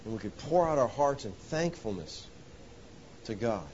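A man preaching a sermon, rising to loud emphatic points and dropping to hushed lows, often calling listeners "folks.". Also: sing-song, moderate pace. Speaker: pastor. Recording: dull lo-fi sound with faint hiss.

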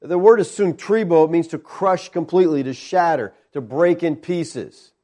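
A man's voice: on the high side, normal speed, mellow. A man preaching a sermon, emphatic, often putting questions to his listeners.

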